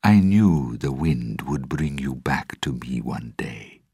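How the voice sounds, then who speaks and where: A man voicing a mysterious woman seer, sly and amused, in a slow hushed whisper. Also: very deep voice, very animated, breathy edge, dry recording, studio quality, full character voice. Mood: knowing. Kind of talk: audiobook storytelling.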